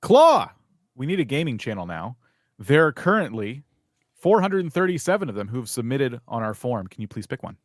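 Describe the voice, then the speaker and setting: A man's voice: mid-range voice, sing-song, fairly quick, no room sound, clean studio sound. A man co-hosting a live YouTube channel review, chatty and candidly critical. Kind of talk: live stream review chat.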